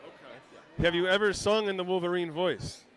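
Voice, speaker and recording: A man's voice: high voice, moderate pace, a bit bright. A man hosting a podcast interview outdoors at a convention, giving short friendly reactions and wrapping up with the guest. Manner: friendly, brief reactions and wrap-up prompts. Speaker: podcast host. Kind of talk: casual interview.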